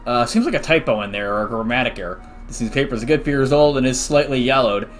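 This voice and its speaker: Animated young man playing a game. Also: mid-range voice, fast talker, soft background music. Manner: chatty, animated, excitable reactions. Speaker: let's play host. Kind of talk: casual game commentary, reading dialogue aloud.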